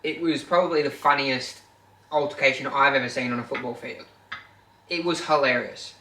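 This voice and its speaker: A young man co-hosting a podcast, animated and acting out quotes as he tells stories. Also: medium pitch, normal speed, recorded from a distance. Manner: animated storyteller, acts out quotes. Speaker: podcast co-host. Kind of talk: casual storytelling chat. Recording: echoey room, away from mic.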